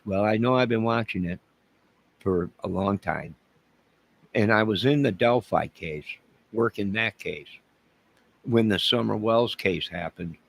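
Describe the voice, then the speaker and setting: A man with a very low, gravelly voice rambles through a casual livestream, joking and answering his chat by name. His talk swings between loud outbursts and low mutters, with a husky edge throughout. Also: expressive, measured pace, low-quality recording. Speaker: livestream crime-case commentator.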